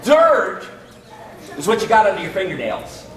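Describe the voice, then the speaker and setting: A man's voice: high voice, sing-song, unhurried. A man presenting a playful gardening routine to young children, teasing them and leading call-and-response. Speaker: extension educator performing a gardening routine for children. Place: large indoor hall with a children's audience. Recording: echoey hall from far off, loud children in the crowd.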